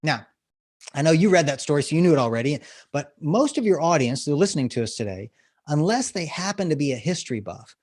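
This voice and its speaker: A man, a storytelling coach, explaining techniques and telling an example story on a podcast interview, animated and laughing often. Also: fairly high pitch, fast talker. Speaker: guest, business storytelling coach.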